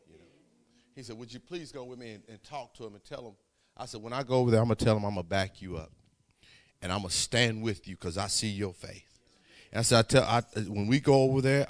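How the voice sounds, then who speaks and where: A man preaching, telling a story in a sermon, swinging from quiet asides to shouting. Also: on the low side. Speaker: pastor.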